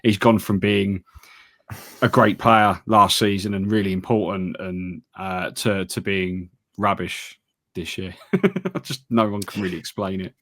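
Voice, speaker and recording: A man co-hosting a casual football podcast, talking in a wry, halting way with frequent restarts. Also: sits low, steady tone, a bit bright. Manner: wry, hesitant, trails off and restarts. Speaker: podcast co-host.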